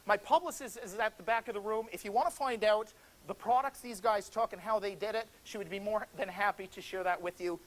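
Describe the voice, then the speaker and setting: A man's voice: high-pitched, fairly quick, a bit bright. A man giving a motivational speech to a seminar audience, telling a story with energy and drama. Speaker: motivational speaker. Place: seminar room before an audience.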